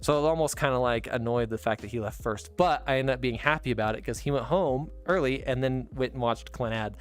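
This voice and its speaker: A man's voice: mid-range voice, a little fast. Rambling young man telling a story. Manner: rambling, animated, full of fillers and restarts. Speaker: podcast host. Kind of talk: casual storytelling.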